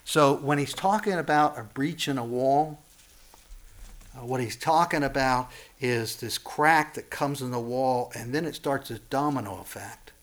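A pastor delivering a sermon and reading scripture, impassioned, his voice climbing high and loud on warnings and then dropping low and soft. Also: a little slow.

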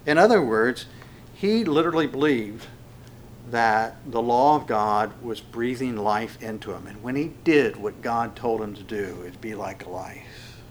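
A man's voice: mid-range voice, slight background noise. Folksy male pastor preaching. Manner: relaxed and folksy, with frequent fillers and restarts; slows down and lifts his voice when reading verses. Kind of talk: conversational sermon with scripture reading.

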